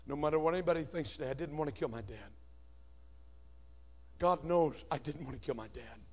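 A man with a notably high voice delivers an emotional sermon to a congregation. He swings from hushed confession to shouting. It is a personal testimony with raw feeling. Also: brisk. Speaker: preacher. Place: before a congregation.

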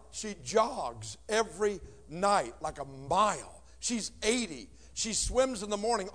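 High-voiced preacher swinging loud to hushed. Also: male voice. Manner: emotional, swings from shouting to hushed. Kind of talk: sermon with personal testimony. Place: before a congregation.

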